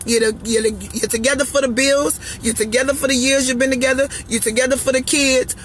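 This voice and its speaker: A woman's voice: sits high, steady tone, fairly quick, fairly bright tone, a little hiss or hum, poor audio. A woman speaking her mind in a casual monologue, blunt and sassy, hammering her points by repeating them. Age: adult, parent of children. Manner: emphatic, preachy, repeating lines for effect. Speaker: vlogger giving relationship opinions.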